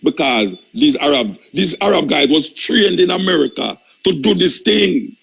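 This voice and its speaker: A Jamaican man on a radio talk show presses his point hard, cutting in and repeating himself. His voice is raspy and gravelly and sits fairly high. It comes through as a radio broadcast. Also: expressive, normal speed, fairly bright tone, rough recording. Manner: insistent, interrupts, repeats himself. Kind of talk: heated radio debate.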